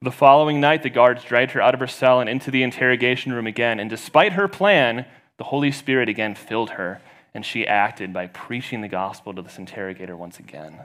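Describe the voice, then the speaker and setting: A man preaching a sermon as pastor, retelling a story and raising his voice for the quoted voices. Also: a little fast. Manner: storytelling, rising loud and high for quoted voices.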